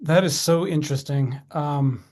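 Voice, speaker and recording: A man hosting an interview, asking long, thoughtful questions with pauses. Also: on the high side, darkish tone. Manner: thoughtful, searching, pausing with ums. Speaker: podcast host.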